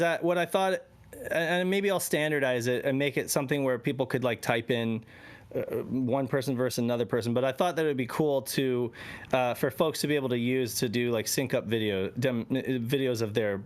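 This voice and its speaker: A man co-hosting a casual live stream, laid-back, with quick affirmations. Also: medium pitch. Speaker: podcast co-host.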